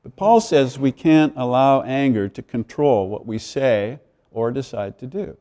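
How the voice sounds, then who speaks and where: A man's voice: mid-range voice, a little slow, mellow. A male pastor giving a conversational sermon, with friendly asides and the odd chuckle.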